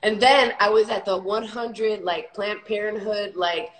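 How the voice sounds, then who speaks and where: Young adult woman, livestream host, casual chat, animated storyteller, echoey room. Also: medium pitch, unhurried. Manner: animated storyteller, acts out quoted voices.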